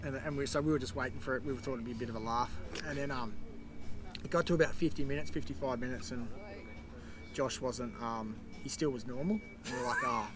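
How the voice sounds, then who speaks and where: A man telling a story as a podcast guest, animated and swearing freely. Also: medium pitch, quick pace. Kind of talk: casual storytelling.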